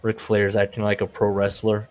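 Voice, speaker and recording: Casting: male podcast co-host, lowish voice, casual chat, reads quotes with wry asides. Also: completely flat delivery, moderate pace, a little mellow. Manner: reads book passages aloud with jokey asides. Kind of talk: casual book-club chat.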